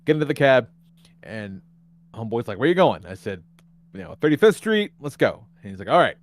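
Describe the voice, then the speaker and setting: A man hosting a podcast, telling a story in casual chat, acting out quotes with big jumps in pitch and laughing often. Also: big pitch swings, a little fast. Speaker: podcast host.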